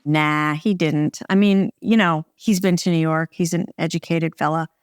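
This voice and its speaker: A middle-aged American woman, a film director, chatting in an interview in a wry, relaxed way with short phrases and restarts. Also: sits low, moderate pace, smooth, no room sound, clean studio sound. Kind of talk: casual interview conversation.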